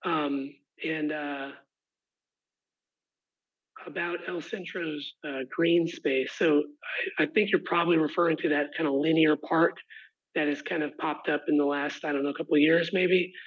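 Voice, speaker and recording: A man who has lost his voice, answering residents' questions at a meeting in a halting, apologetic way with many restarts. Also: fairly high pitch, fairly even intonation. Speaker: rezoning applicant's representative. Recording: muffled lo-fi online call audio.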